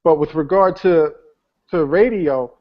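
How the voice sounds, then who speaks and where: Halting high-voiced man on a panel. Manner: halting, repeats words while thinking. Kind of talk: panel discussion. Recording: dull lo-fi sound.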